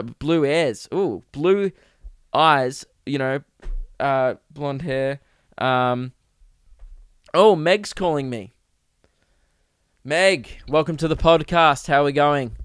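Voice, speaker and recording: A man's voice: a little high, clear, resonant tone, no echo, studio quality. A young man hosting a comedy podcast, riffing crudely and acting out silly bits. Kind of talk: rambling comic monologue.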